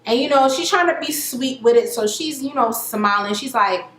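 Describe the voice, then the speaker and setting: A young adult woman casually recapping a reality show, chatty and animated, acting out the quotes with laughter. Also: on the high side, moderate pace. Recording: echoey room with faint noise.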